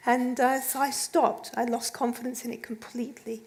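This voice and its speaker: A woman's voice: fairly high pitch, moderate pace. A woman author on a live festival panel, telling an anecdote and acting out the dialogue. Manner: lively storyteller, acts out dialogue. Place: live event stage.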